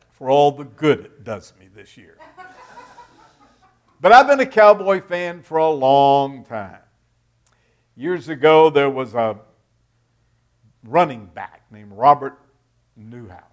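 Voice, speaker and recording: Slow, emphatic male preacher. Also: fairly high pitch. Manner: emphatic, dramatic rises and drops in loudness. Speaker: pastor. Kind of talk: expository sermon.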